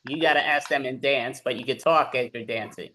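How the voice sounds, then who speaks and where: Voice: mid-range voice, brisk, bright, forceful tone. Improv game host, casual instructions, video call. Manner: casual, instructing, loose fillers.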